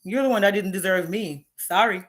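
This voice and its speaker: A woman's voice: mid-range voice, fairly quick. A woman, ranting bluntly and profanely on a live stream, challenging her viewers. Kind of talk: candid live-stream rant.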